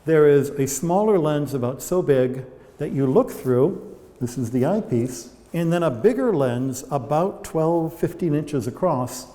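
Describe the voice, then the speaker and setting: A man's voice: a little high, animated, measured pace, dark tone, long reverb tail. A man guiding a tour of old observatory telescopes, explaining with chatty anecdotes. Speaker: observatory guide. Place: inside old observatory domes.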